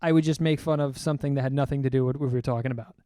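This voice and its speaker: A man's voice: mid-range voice, racing, clean tone, no echo, studio quality. A young man from Long Island telling stories in casual chat, swearing freely and acting out what people said. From Long Island, New York. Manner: swearing, animated storytelling with acted-out quotes. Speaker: podcast co-host.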